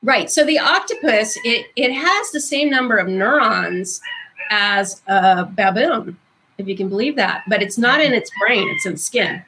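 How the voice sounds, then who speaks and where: A woman guest author explaining ideas in conversation, thoughtful and unhurried, with frequent ums. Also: on the high side, lively intonation, bright, forceful tone, slight background noise, poor audio.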